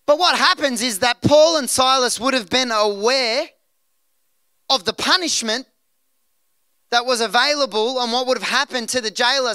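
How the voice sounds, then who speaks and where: A male pastor preaching a sermon in church, animated and acting out scenes. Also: extremely high pitch, clean tone, dry recording. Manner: animated, acts out scenes in voices.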